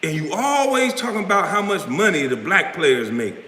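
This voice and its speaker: A man's voice: sits high, animated, normal speed, bright, forceful tone. Male streamer, angry profane rant, recorded in a roomy space with long reverb. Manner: profane, confrontational, trash-talking. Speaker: live-stream host. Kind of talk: heated live-stream rant.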